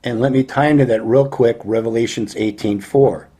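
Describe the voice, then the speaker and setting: A man's voice: medium pitch, fairly even intonation, moderate pace, mellow, husky. A man preaching a warning sermon, emphatic and firing rhetorical questions at his listeners.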